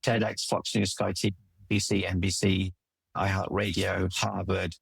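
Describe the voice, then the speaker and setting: A man's voice: low voice, level tone, normal speed, vocal fry, breathy edge, no echo. A middle-aged man, a relationship coach, telling personal stories in an earnest, emphatic way with frequent restarts. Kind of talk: conversational storytelling interview.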